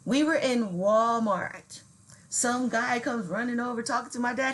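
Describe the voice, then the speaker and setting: A woman's voice: on the high side, normal speed, low-quality recording. A middle-aged woman in casual chat, telling stories and acting out what people said. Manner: chatty storyteller acting out quoted dialogue. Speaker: co-host.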